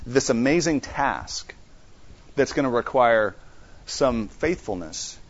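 On a dull lo-fi recording, a man with an expressive, medium-pitched voice teaches a Bible study that invites participation. He keeps repeating key points and asking his listeners how they're doing, his delivery halting and full of restarts.

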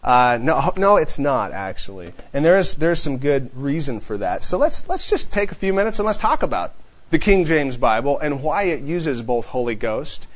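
Reading scripture slowly to a small group, this man then chats about it casually, chuckling a lot as he teaches the relaxed Bible class. His mid-range voice swings widely in pitch, and the audio is poor.

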